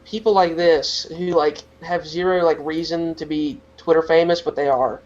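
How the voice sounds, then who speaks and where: A man's voice: fairly high pitch, steady tone, normal speed, a little mellow, muffled recording. A teenage boy co-hosting a podcast, talking in a rambling casual rant full of "like" fillers. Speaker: podcast co-host.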